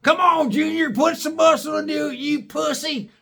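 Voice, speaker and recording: A man's voice: very high-pitched, fairly even intonation, moderate pace, vocal fry, voice pushed up, heavily acted. Man putting on a hollering Kentucky redneck dad. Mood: bossy. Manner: shouting, swearing, hollering orders. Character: angry older redneck tree-cutter father.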